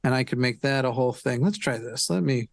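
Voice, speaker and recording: A man's voice: mid-range voice, brisk, gravelly, no echo. A man joining a charity livestream as a guest, joking, teasing and thinking aloud while he fixes his stream settings. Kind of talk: casual livestream chat.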